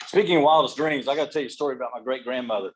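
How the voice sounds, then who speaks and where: A man's voice: mid-range voice, racing, slight background noise. Folksy man giving a keynote. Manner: folksy, self-deprecating, joking. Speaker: keynote speaker. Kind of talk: humorous motivational speech.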